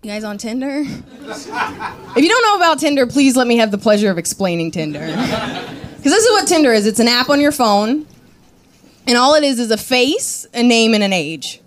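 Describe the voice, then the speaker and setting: A woman performing a stand-up comedy set, explaining her premise in a lively way. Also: fairly high pitch, normal speed, a little hiss or hum.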